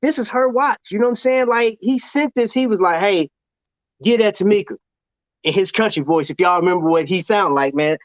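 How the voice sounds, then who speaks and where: A man with a high voice hosts a casual livestream chat, slangy and animated, laughing often. The sound is dull and lo-fi, and dry with no room echo. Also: fairly quick, few pauses. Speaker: show host.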